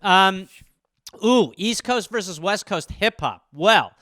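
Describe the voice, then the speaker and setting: A man's voice: high voice, animated, takes it slowly, sharp tone, no room sound, clean studio sound. A man hosting a comedy podcast, riffing casually in a rambling way full of "like" and restarts, swearing freely.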